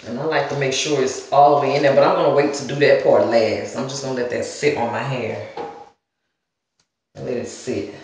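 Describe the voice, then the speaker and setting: A woman's voice: very deep voice, a little mellow. A woman from the Southern US with a Southern accent, rambling casually through a hair-care vlog and talking straight to her viewers. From Southern United States. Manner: chatty, talks straight to viewers with y'all and girl. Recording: very echoey room.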